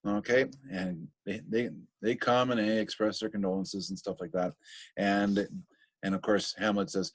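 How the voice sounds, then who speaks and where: A man's voice: fairly low pitch, steady tone, moderate pace, dry recording. A man teaching a recorded literature lesson, thinking aloud casually as he explains.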